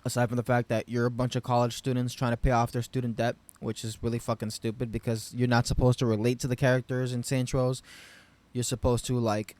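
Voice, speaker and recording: A man giving an unscripted game review rant, rambling and profane, with frustrated loud bursts. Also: mid-range voice, level tone, a little fast, no room sound. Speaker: game commentary vlogger.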